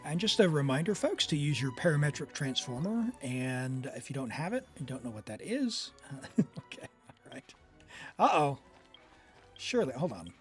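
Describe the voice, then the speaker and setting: A fairly high-voiced man streaming gameplay, excitable and chatty as he talks to his characters. His pitch jumps around constantly. Faint game music runs underneath. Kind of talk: live gameplay commentary.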